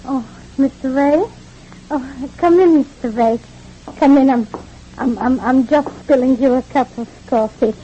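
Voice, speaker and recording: Heard on a dull old radio recording with slight hiss or hum, a woman's mellow, high-sitting voice moves a little slowly. She is an actress in 1940s radio playing a chatty, kindly immigrant mother of the family who stammers with repeats, rambles, and philosophizes.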